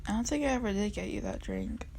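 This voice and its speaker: A woman reading a somber young man's lines from a comic, in a quiet, subdued delivery. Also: medium pitch, wildly swooping pitch, fast, slight background noise.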